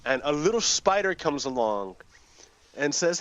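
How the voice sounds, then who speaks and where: A man's voice: fairly high pitch, big pitch swings, fairly bright tone, no echo. Rambling man telling a story while gaming. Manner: rambling, halting, many restarts. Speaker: gaming video host. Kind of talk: casual storytelling while playing a game. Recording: dull lo-fi dry recording.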